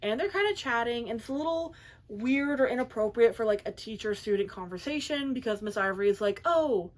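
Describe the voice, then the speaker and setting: A young adult woman casually recapping a book's plot in a chatty, animated way full of fillers. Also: a little high, brisk. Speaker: book reviewer.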